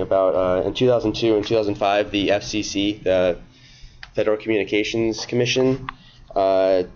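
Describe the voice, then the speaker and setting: Male student presenter, a bit hoarse, lowish voice, casual filler-heavy delivery, dull classroom audio. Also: a little mellow, slight background noise. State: slightly hoarse.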